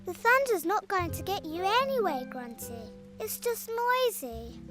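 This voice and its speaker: A woman voicing a gentle, cheerful little girl bunny in a preschool cartoon, speaking softly and patiently to reassure a friend. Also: very high voice, big pitch swings, measured pace, heavily acted. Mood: reassuring. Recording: studio voice with music underneath.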